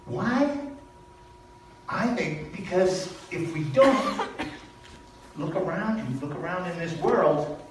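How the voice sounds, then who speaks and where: An older man delivers a personal sermon, storytelling with emphatic repeats. His slow delivery swings widely in pitch, and he sits fairly high for a man. He sounds distant from the mic in a very echoey hall, with faint background noise. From Canada. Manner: storytelling, animated, with emphatic repetitions. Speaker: speaker at a spiritual church service.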